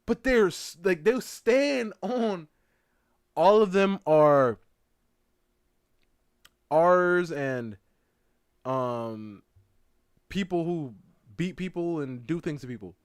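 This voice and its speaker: A streamer reacting to a clip, incredulous and rambling, sometimes mocking. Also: male voice, on the high side, animated, drawn-out words, long pauses, clean tone. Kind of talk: live stream reaction commentary.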